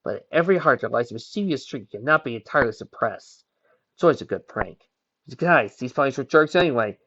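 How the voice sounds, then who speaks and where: A man's voice: mid-range voice, animated, fast, fairly bright tone, muffled recording. A man reading a pony fan story aloud, voicing each character's lines in turn. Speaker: fanfiction reader. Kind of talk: storybook narration.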